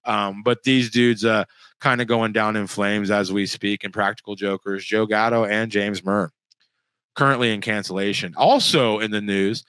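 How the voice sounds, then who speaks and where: A man from the United States hosts his own show in loose, rambling commentary, blunt and crude, restarting his sentences often. His voice sits low, and it is recorded dry with no room sound. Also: steady tone, normal speed, fairly bright tone, clear, resonant tone, no echo. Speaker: podcast host. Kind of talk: casual solo commentary.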